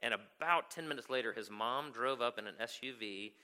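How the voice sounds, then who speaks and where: Male pastor, storytelling sermon, very bright and sharp tone, mid-pitched. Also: brisk, clear, resonant tone. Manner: storytelling, keeps asking "right?".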